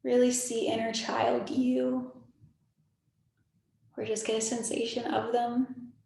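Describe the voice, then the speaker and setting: A woman in her twenties leading a guided meditation on a video call, talking in a soft, soothing, repetitive way with casual filler words. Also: on the high side, little pitch movement, slow pace, vocal fry, very echoey. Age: 20s. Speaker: spiritual meditation leader. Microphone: video call microphone.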